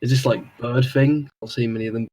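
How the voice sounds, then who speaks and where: A man's voice: medium pitch, fairly even intonation, fairly quick, a little mellow, slight background noise, poor audio. A man playing a tabletop role-playing game, chatty and slipping into his character's voice to talk to the group. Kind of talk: casual tabletop role-play chat.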